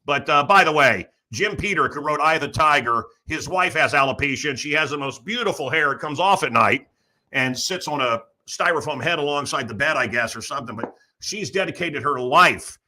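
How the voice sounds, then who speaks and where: A man's voice: a little high, animated, fairly quick, bright, forceful tone, slight background noise. A man hosting a talk show, delivering a sarcastic, ranting comedic monologue full of mocking asides. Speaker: radio show host.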